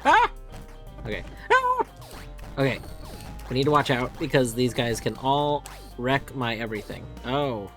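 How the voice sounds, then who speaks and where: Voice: medium pitch, moderate pace, soft background music. A streamer chatting through a live game session, narrating every move and letting out sudden yelps when things go wrong. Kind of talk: live gameplay commentary.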